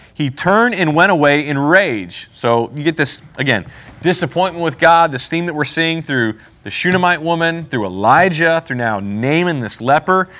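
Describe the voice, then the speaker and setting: Bright, punchy male Bible teacher; casual and slangy, keeps asking the class questions. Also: a little high. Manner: casual, paraphrases scripture in slang.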